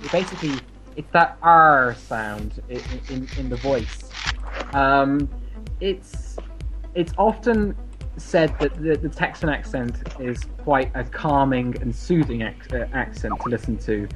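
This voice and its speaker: A man's voice: medium pitch, unhurried, soft background music, poor audio. A man hosting an online English conversation club, talking casually with many fillers and restarts. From New Zealand.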